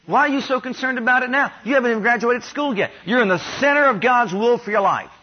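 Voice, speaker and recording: High-voiced preacher man, lo-fi sound. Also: fast talker, slightly rough. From Ohio, USA. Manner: has the congregation repeat declarations after him; rises louder and higher on repeated declarations. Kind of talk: sermon. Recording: dull lo-fi sound.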